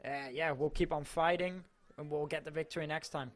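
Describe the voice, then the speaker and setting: A man's voice: fairly high pitch, fairly even intonation, fairly quick. A man from Mallorca, a footballer, giving an earnest, emotional post-match interview with his voice cracking. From Mallorca, Spain.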